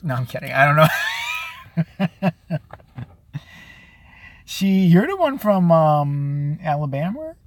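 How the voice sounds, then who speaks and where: A man live-streaming a casual rant, profane and sarcastic, who often mimics other people in a high, mocking voice. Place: out and about, at a store.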